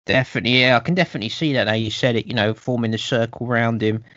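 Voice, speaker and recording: A man's voice: medium pitch, fairly even intonation, rapid-fire, a bit bright, dry recording. A man co-hosting a casual podcast, recapping a film in a rambling way with many restarts. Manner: rambling, restarts, puts on quoted voices. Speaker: podcast co-host. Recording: dull, slightly muffled, dry sound.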